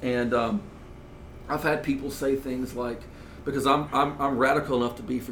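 A man, a magazine editor, talking earnestly and chattily on a podcast with halting restarts. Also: mid-range voice, steady tone, a bit bright, a little hiss or hum. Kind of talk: casual podcast chat. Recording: echoey room.

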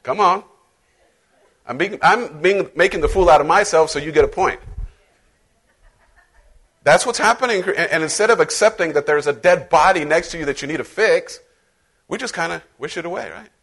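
A man's voice: on the high side, normal speed, pauses often, a bit bright, breathy edge. A middle-aged male pastor preaching a sermon in a conversational, playful way, acting out little voices as he goes.

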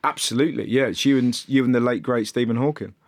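Male podcast host, mid-pitch, dry close mic, loose laughing banter with swearing. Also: fast, no echo. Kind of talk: casual podcast chat.

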